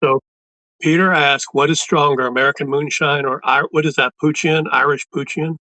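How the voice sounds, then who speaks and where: A man's voice: fairly high pitch, steady tone, normal speed, pushed and bright, dry recording, rough recording. A man hosting a casual interview, easygoing and a little hesitant as he reads out viewer questions. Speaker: interview host.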